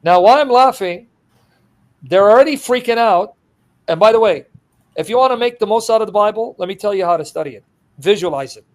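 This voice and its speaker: Animated high-voiced male preacher. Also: brisk. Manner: animated, laughs while retelling, acts out scenes. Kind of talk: expository sermon.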